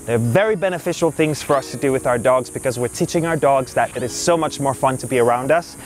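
A man's voice: medium pitch, fast talker, soft background music. A man who trains dogs, talking in a casual, upbeat way outdoors in a park. He explains his methods and turns often to praise and direct his dog. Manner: upbeat, talks to the dog in bursts between explanations. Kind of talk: casual instructional vlog.

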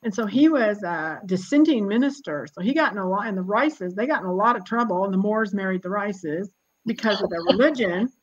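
A woman in her sixties, a genealogist guest, telling family stories in a lively, chatty way and laughing often. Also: medium pitch, a little fast, muffled recording. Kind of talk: casual storytelling conversation.

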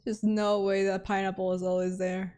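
A woman's voice: medium pitch, level tone, moderate pace, warm tone. A woman streaming a horror game, talking to her chat with jumpy, dramatic reactions and frequent laughs. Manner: talks to chat. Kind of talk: live game commentary.

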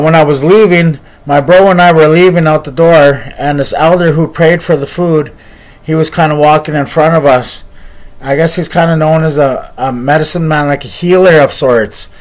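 A man earnestly telling a story in a personal video, speaking in encouraging, repeated phrases. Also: a little high. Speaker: motivational speaker.

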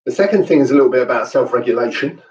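A man's voice: mid-range voice, expressive, racing, darkish tone. A man from London hosting a casual online training session, chatty and jokey with plenty of fillers. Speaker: host and trainer. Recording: echoey room, distant mic, dull sound.

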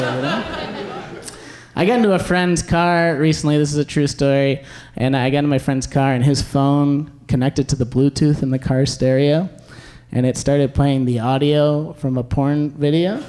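A young man performing a stand-up comedy set, with a dry, wry delivery and quick asides, recorded live with audience laughter behind him. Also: a little high, fairly even intonation, a little mellow.

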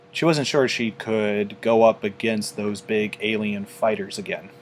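A man narrates a storybook in an unhurried way, with the occasional stumble. His pitch sits in a middle range, and he reads at a very slow pace. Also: a little hiss or hum. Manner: unhurried reading with small slips. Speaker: storybook reader.

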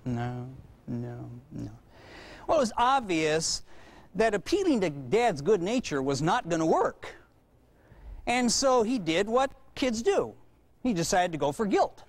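A man's voice: sits high, a little slow, no echo. A man giving a parenting lecture, telling folksy stories and acting out the voices. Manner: folksy, animated storyteller who acts out voices. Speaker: parenting seminar speaker. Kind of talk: lecture with anecdotes.

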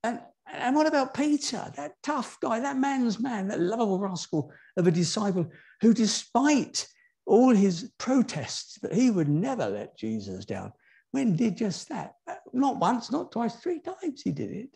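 A man preaches a sermon in a church, his voice mellow and a little husky. He drops to quiet asides and then climbs high on the key words, turning often to the congregation with rhetorical questions. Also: big pitch swings, a little slow.

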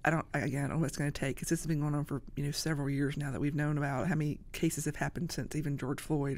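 A woman guest on a podcast, talking in a casual, halting way with many restarts. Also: low-pitched, vocal fry, a little mellow. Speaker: guest, social media creator. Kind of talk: casual interview talk.

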